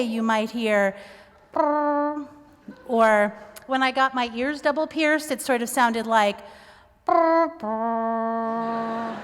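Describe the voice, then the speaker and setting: Animated, self-mocking woman storyteller. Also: on the high side, smooth. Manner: animated, self-mocking, acts out quoted voices. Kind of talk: live storytelling. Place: performance venue stage. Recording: live stage with long hall reverb.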